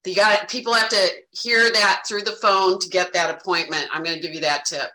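Bubbly, bright-voiced woman in an echoey room. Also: fairly low pitch, fairly even intonation, brisk, a little hiss or hum. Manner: bubbly, emphatic, over the top. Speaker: sales agent sharing tips. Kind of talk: energetic group discussion.

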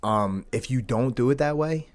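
A man who runs a jiu-jitsu school, hosting a casual podcast chat in an animated, loose way. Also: medium pitch, moderate pace. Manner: animated, frequent 'dude' and 'like'.

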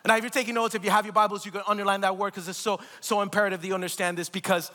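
A man's voice: high voice, flat delivery, rapid-fire, sharp tone. A man preaching a live church sermon, emphatic and repetitive, calling out to the congregation. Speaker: pastor. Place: church sanctuary. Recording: long hall reverb.

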